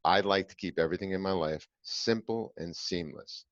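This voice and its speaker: A man with a very deep, low voice tells a personal story to his podcast co-host. He is earnest and emphatic and drops in small "uh"s. The sound is dry and a bit dull. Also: moderate pace, fairly bright tone, no echo.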